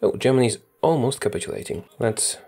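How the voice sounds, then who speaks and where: Man with a lively, husky voice. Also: medium pitch, brisk. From Poland. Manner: chatty, thinks aloud while playing. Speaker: strategy game YouTuber. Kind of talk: casual gameplay commentary.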